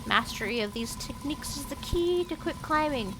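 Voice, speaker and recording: A woman voicing a chirpy mouse adventurer who teaches climbing tricks, in a high, loud, theatrical put-on accent. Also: lively intonation, normal speed. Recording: clear background noise.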